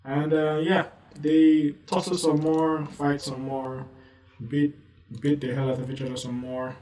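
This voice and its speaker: A man's voice: on the high side, level tone, measured pace, a little mellow, echoey room, recorded from a distance, rough recording. Rambling man reviewing manga. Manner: rambling, loose, full of "you know" asides. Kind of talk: casual commentary.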